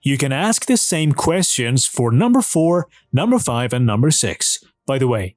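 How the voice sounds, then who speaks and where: A man with Persian as his first language, teaching English and switching between slow textbook reading and quick explanations in Persian. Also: mid-range voice, very animated, a little mellow, no room sound, studio quality, faint music behind. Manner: reads textbook lines slowly, then explains quickly in Persian. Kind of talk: bilingual language lesson.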